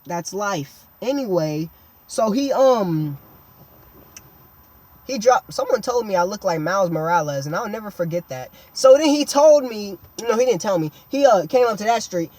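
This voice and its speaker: A woman's voice: medium pitch, animated, moderate pace, darkish tone. A woman telling a comedic storytime monologue in a slangy, dramatic way, breaking into exaggerated yelps.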